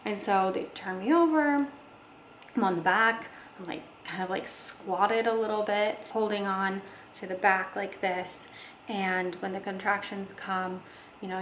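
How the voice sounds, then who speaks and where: A woman's voice: medium pitch, echoey room, slight background noise, rough recording. A young woman casually telling a personal story, chatty, with lots of fillers and acted-out quotes. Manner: chatty, many fillers, acts out quoted voices. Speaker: vlogger telling her birth story.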